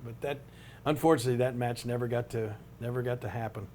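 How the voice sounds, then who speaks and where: A man's voice: mid-range voice, fairly even intonation, fast, darkish tone, slight background noise. An older man, telling a long anecdote in an interview with many restarts and asides. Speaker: interview subject, retired wrestler. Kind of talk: storytelling in an interview.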